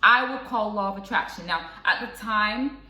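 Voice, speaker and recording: Young woman, chatty and rambling, bright voice, distant mic, echoey room. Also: mid-range voice, moderate pace. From England. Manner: chatty and rambling, with frequent fillers and asides. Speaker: vlogger. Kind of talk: casual storytelling to camera.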